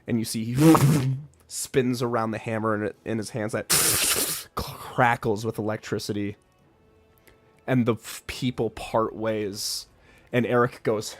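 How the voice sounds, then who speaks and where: A man narrating a tabletop game as game master, in slow, halting sentences. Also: lowish voice, fairly even intonation, faint music behind.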